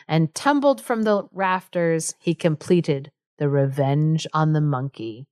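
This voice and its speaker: A chatty woman co-hosting a podcast, telling a folk tale with frequent giggles and casual fillers. Her voice sits at a middle pitch and sounds smooth and clear. The sound is dry and close. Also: a little slow, darkish tone, no room sound. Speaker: podcast co-host. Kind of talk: casual storytelling chat.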